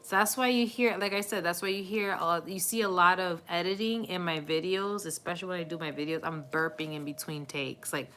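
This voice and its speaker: A woman's voice: fairly low pitch, steady tone, fairly quick, hardly any pauses, noisy background. A woman doing a live tarot reading, talking in a chatty, reassuring way with many fillers and frequent laughs. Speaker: tarot reader.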